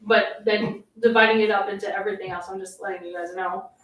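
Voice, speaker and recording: A woman's voice: medium pitch, fairly even intonation, fast. A woman supervisor chairing a township board meeting, reading out figures and motions in a businesslike way. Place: indoor township meeting room. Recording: echoey meeting room, mic far off.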